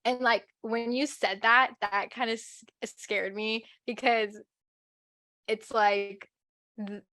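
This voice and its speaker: A young woman co-hosting a podcast in casual chat, reacting in an excitable, spooked way. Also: on the high side, slow, no echo, clean studio sound. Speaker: podcast co-host.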